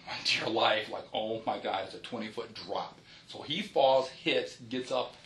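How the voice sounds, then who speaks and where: A man, a police supervisor, recounts a shooting in detail during a formal interview, in halting runs with restarts and a polite "yes, sir.". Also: mid-range voice, a bit bright, slight background noise. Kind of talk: recorded investigative interview.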